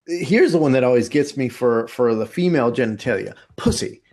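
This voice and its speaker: A man's voice: medium pitch, expressive, a little fast, a little mellow. A man co-hosting a podcast in casual chat, laughing often and restarting his sentences. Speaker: podcast co-host.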